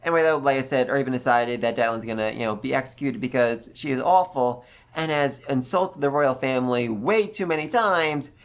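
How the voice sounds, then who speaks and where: Animated male book reviewer, casual recap, mid-range voice. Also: medium pitch, a little fast, hardly any pauses, clear, resonant tone. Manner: animated, jumps into quoted voices.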